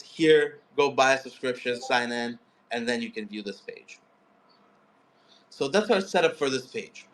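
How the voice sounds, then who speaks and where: A man walking through a coding setup step by step, teaching live. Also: mid-range voice. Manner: explanatory, step-by-step. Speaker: coding instructor. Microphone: phone.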